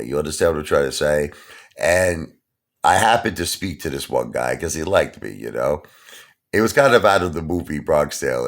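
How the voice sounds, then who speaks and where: A man with a Brooklyn accent telling a street story in a casual monologue, talking tough and asking "okay?" and "you understand?" again and again. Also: a bass voice. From Brooklyn, New York. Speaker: channel host.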